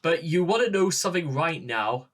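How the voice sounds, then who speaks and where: A man with a Northern English accent hosting a music reaction video, gushing and halting, with many restarts and rhetorical questions. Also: a little high, lively intonation, fairly bright tone. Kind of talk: excited reaction talk to camera.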